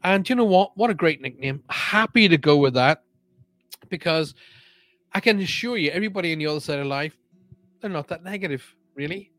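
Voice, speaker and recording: A man's voice: on the high side, lively intonation, brisk, a bit bright, no room sound, soft background music. A man hosting a live-streamed show, chatting casually and reading out viewer comments in an upbeat way.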